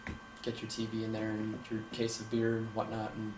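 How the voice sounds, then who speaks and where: A man's voice: on the low side, brisk. A young man from Minnesota, telling stories casually in an interview and acting out the voices he quotes. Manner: animated, acts out quoted voices. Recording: echoey room with faint hum.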